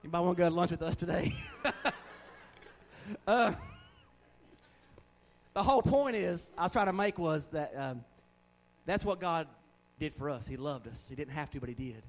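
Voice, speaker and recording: A man in his forties preaches to his church in a relaxed, conversational manner. His voice sits a little high for a man. He drops in playful asides and repeats key words over and over for emphasis. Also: normal speed, long pauses, poor audio. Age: 40s. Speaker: pastor. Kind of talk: sermon.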